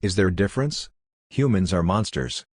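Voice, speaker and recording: Guy reading a wild girl raised by leopards, flat broken english, cold as anything, dry sound. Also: low voice, normal speed, breathy edge, dry recording. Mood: calm. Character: girl raised by ghost leopards, blunt, calm, ruthless. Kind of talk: audiobook character voice.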